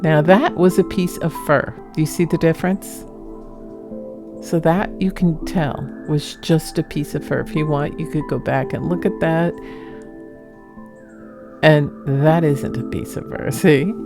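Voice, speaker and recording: A woman's voice: low-pitched, fairly even intonation, unhurried, music in the background. A woman narrating her own home footage in a chatty, rambling way, laughing now and then. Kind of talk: casual voice-over narration.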